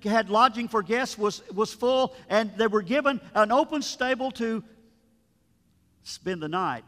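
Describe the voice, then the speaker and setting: A man's voice: high-pitched, unhurried, fairly bright tone. A man, a pastor, giving a sermon in a storytelling, conversational way, with asides to his listeners. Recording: long reverb of a large room.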